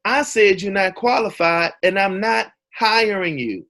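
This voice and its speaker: A man voicing a stern, dismissive male HR chief who coldly refuses to hire him, in a lowered voice. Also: a little slow, sharp tone, heavily acted.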